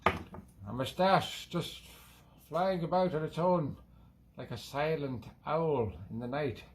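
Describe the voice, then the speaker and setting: A man's voice: on the high side, slow pace, slight background noise. A Scottish man voicing a boozy, cheeky male leprechaun who hosts a music show, in an exaggerated put-on Irish lilt, rambling into nonsense. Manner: rambling, jokey, drifting into nonsense. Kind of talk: comic character monologue.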